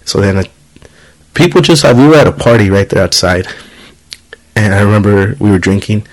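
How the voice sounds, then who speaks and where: A man's voice: lowish voice, brisk, rough recording. Profane, storytelling man. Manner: profane, animated storytelling with voiced quotes. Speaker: podcast host. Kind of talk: casual storytelling chat.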